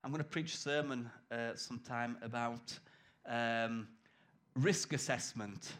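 A man's voice: medium pitch, fairly even intonation, unhurried, fairly bright tone. A man preaching a sermon in a conversational, emphatic way, acting out quoted voices.

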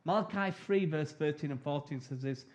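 A man's voice: a little high, fairly quick. A middle-aged man preaching a sermon in a chatty, humorous way, acting out prayers and replies.

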